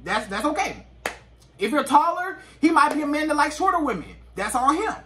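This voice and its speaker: High, lively man giving advice. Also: fairly quick. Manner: emphatic, repeats points. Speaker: relationship advice vlogger. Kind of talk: casual advice monologue to camera.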